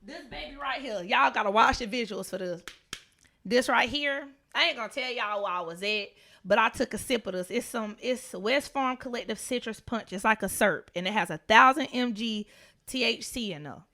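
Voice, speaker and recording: Animated, profane young woman storyteller. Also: on the high side, moderate pace. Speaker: podcast co-host. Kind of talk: casual storytelling chat.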